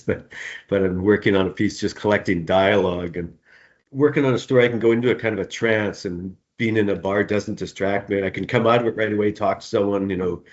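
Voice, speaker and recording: A middle-aged male author answering interview questions in a relaxed, rambling way, often repeating words and laughing. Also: low-pitched. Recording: dull, muffled sound.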